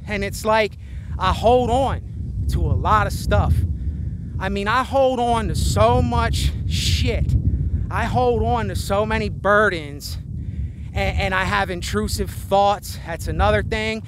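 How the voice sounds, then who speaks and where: A man's voice: high voice, slow pace. A man venting in a rambling, weary, frustrated way, out of breath, recorded outdoors in the wind. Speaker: vlogger. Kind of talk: candid venting monologue. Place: outdoors, windy spot above a road.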